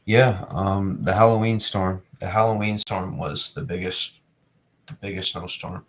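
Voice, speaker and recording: A man's voice: sits low, fairly even intonation, measured pace. A young man from New England chatting casually to his live-stream viewers, rambling and repeating himself as he reads the chat. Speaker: weather streamer.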